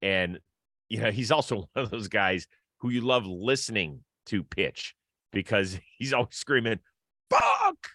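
A man's voice: fairly low pitch, moderate pace, a bit bright, no echo. A man hosting a sports podcast, talking casually and upbeat, often laughing as he chats. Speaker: podcast host.

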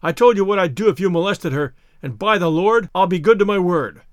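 A man's voice: high-pitched, a little fast, no room sound, studio quality, natural voice. A man voicing a passionate, protective young man in an audiobook, speaking earnestly and with feeling. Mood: defiant. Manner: earnest, impassioned. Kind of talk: audiobook character reading.

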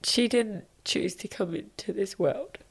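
A woman's voice: mid-range voice, a little slow, creaky, breathy edge. A woman in her thirties, a podcast guest, talking candidly and with feeling, sometimes swearing and sinking to a whisper. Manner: emotional, confessional, swears and drops to a whisper. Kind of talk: candid interview talk.

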